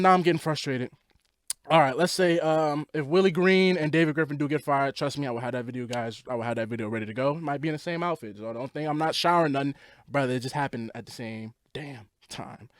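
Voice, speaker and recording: A man's voice: fairly high pitch, fast, no echo, studio quality. A young man hosting a sports vlog, giving casual commentary as an exasperated fan on a rant. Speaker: sports podcast host.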